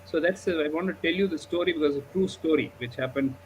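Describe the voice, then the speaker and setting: A man's voice: fairly high pitch, fast talker, slight background noise, low-quality recording. A man, a diabetes doctor, telling a story animatedly in a live discussion, often adding 'okay?' and 'you know'.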